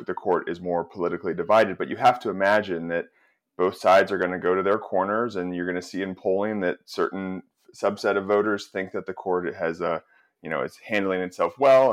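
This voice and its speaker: A man, a journalist guest on a podcast, talks politics while thinking aloud, with restarts. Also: sits low. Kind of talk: casual political podcast discussion.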